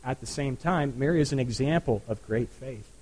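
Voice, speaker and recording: Male pastor giving a sermon, chatty and earnest, mid-pitched voice. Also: moderate pace, a little mellow, breathy edge, low-quality recording. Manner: conversational, earnest, with frequent asides. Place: church.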